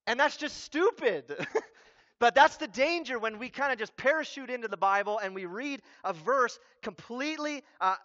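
High-voiced animated male preacher. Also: moderate pace. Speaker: pastor. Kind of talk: sermon. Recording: dull lo-fi recording.

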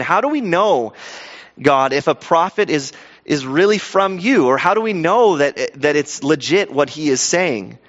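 A man preaching a sermon with animated delivery, stumbling into restarts and acting out quoted voices. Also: a little high. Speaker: pastor. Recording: dull sound with long hall reverb.

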